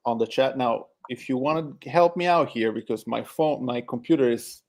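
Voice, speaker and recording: Italian-accented male guest, gravelly tone, measured delivery with fillers. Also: mid-range voice, darkish tone. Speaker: podcast guest and editor. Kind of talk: casual podcast chat.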